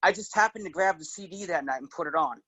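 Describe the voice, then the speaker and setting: A man's voice: sits high, fast talker, no echo, poor audio. A middle-aged man chatting as a guest, telling stories and now and then slipping into character voices. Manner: relaxed storyteller who slips into character voices. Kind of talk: casual chat.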